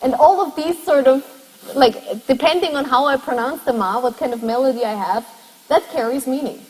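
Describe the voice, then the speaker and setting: A high-voiced woman lectures a university class with a breathy tone. She explains step by step and keeps asking her students questions. Her voice carries a long reverb from a lecture hall. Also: moderate pace, darkish tone.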